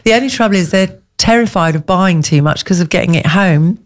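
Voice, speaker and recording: A woman's voice: fairly low pitch, a little fast. A woman co-hosting a radio show from the studio, talking in a chatty, rambling way and laughing easily. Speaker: radio co-host. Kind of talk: casual radio chat.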